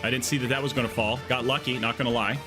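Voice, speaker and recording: Very fast and fairly even in intonation, a medium-pitched male voice carries a casual live gaming stream, full of jokes and rambling tangents. Music plays in the background, and he speaks into an earbud mic.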